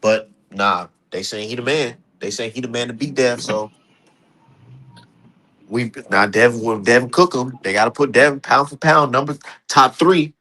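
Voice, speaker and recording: A man's voice: medium pitch, measured pace, bright, forceful tone, slight background noise. A man hosting a casual boxing talk stream, emphatic and profane, voice jumping up when he gets heated. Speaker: streamer host.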